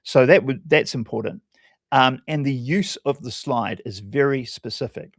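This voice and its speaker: A man's voice: mid-range voice, moderate pace, no room sound, studio quality. Casual man coaching on public speaking. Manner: conversational, hesitant, restarts mid-phrase. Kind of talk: explaining talk analysis on a community call.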